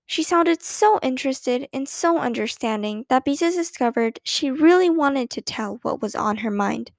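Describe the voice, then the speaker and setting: A woman narrating a children's book aloud in a gentle, expressive way. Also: high voice, moderate pace, vocal fry, no echo.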